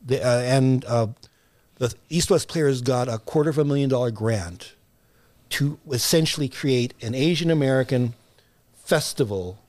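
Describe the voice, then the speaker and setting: A man's voice: mid-range voice, moderate pace, darkish tone, no room sound. An older man, a playwright guest on an interview show, telling stories reflectively, with many fillers and restarts. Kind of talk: conversational interview.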